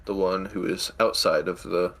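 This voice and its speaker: A man's voice: low voice, steady tone, normal speed, a bit bright. A man narrating as game master of a tabletop game, hesitant with restarts. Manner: hesitant, many fillers and restarts.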